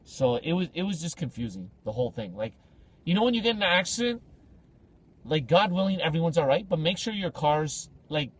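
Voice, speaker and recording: Animated husky young man. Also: on the high side, a little fast. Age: young adult. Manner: animated, acts out voices in his stories. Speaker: podcast co-host. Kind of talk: casual storytelling chat.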